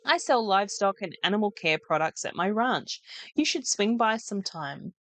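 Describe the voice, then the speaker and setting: A woman's voice: mid-range voice, lively intonation, moderate pace, a bit bright, no echo, pitched above the performer's own voice, lightly acted. A woman voicing a kind, middle-aged woman rancher from a farming video game, in a welcoming tone.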